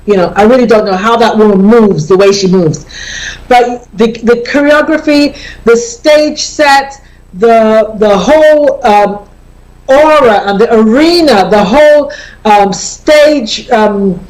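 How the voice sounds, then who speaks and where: A woman's voice: on the high side, slow pace, a little mellow, low-quality recording. A woman hosting a radio show, talking casually and explaining her points, often repeating them for emphasis. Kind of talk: conversational radio talk on personal branding. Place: radio studio.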